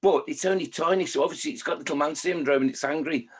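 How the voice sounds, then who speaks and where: Husky-voiced poet chatting loosely and jokily over a video call. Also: male voice, fairly high pitch, fast talker. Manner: jokey, chatty, restarts a lot. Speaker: children's poet. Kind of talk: casual video-call interview.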